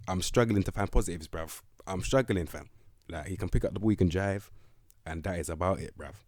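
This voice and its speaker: A man's voice: low voice, darkish tone, dry recording, studio quality. A young man giving blunt, slang-heavy commentary on a football management game. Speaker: gaming video host.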